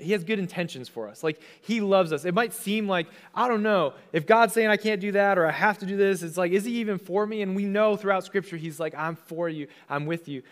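A young adult man, a pastor, giving a conversational sermon and casually acting out the voices he quotes. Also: high-pitched.

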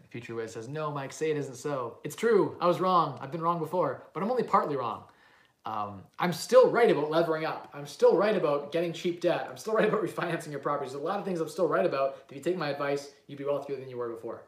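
A man's voice: on the high side, lively intonation, quick pace. A young man hosting a livestream, rambling self-assuredly through questions with many fillers and restarts. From Canada. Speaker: livestream host, real estate investor. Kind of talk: casual livestream chat with live Q&A. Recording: roomy echoey room.

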